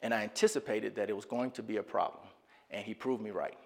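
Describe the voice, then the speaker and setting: A man's voice: fairly low pitch, steady tone, quick pace, gravelly, in a large hall. A male pastor delivering a sermon in a conversational, storytelling way, often repeating words as he builds his point.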